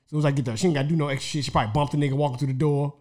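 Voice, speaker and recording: A man telling a story in casual chat, animated and laughing often as he acts out the people in it. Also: a little high, racing.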